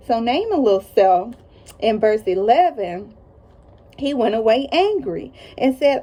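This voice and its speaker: A woman's voice: a little high, very animated, a little slow, dark tone. A woman hosting a casual Bible study, reading scripture and adding folksy, emphatic comments. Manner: conversational, folksy asides and emphatic repetition; reads scripture aloud then comments.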